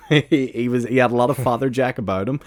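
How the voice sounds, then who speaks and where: A man's voice: medium pitch, brisk, no room sound. A young man, a podcast guest telling stories playfully and laughing often. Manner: giggly, playful storytelling. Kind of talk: casual comedic chat.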